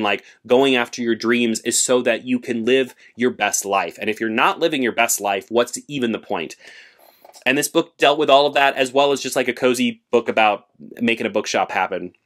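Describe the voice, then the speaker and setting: A man chatting casually about books he read this month, expressive and full of fillers, with lively jumps in pitch when he gets excited. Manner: frequent fillers like "like" and restarts. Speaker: book vlogger. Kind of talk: casual book review chat.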